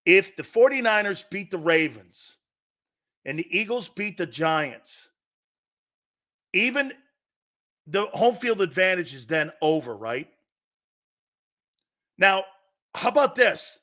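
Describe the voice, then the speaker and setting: A middle-aged man hosting a sports talk show, preaching his opinions in a fired-up, profane rant that swings from loud outbursts to low, intense asides and repeats lines for emphasis. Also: very animated, slow pace, pauses often.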